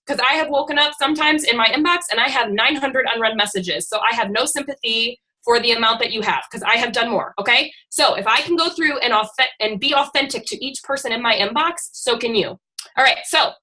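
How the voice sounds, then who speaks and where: Bright-voiced blunt woman coaching her team. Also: a little high, a little fast, poor audio. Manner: blunt, chatty and irreverent, with casual swearing. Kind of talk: casual coaching talk on a team call. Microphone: video call.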